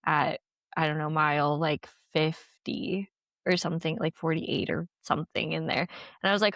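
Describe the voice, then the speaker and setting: A woman's voice: low-pitched, steady tone, moderate pace, a bit bright, dry recording, clean studio sound. A young woman, an ultrarunner, telling her race story in a casual interview, chatty with lots of "like" and frequent laughs. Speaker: ultrarunner guest.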